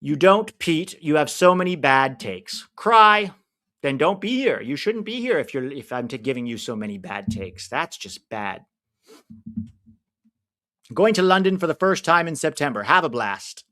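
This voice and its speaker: This American man's voice sits on the high side and moves at a normal speed as he hosts a live football watch-along. He reacts to the match, chats and answers viewer comments, and bursts into excitement at chances.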